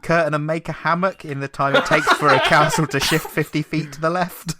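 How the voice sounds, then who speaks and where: A man's voice: fairly high pitch, steady tone, a little fast, very noisy. A man, a player in a tabletop game, joking and laughing. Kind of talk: casual tabletop game chat.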